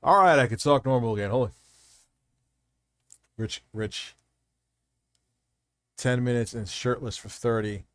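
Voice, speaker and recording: Man, live streamer, casual rambling chat, profane, mid-pitched, dry close mic. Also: unhurried, pauses often, no room sound.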